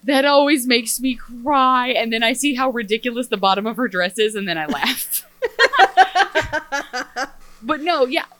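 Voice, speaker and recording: A woman co-hosting a podcast in casual chat, sarcastic and expressive. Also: on the high side, normal speed, hardly any pauses, no echo, rough recording. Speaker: podcast co-host.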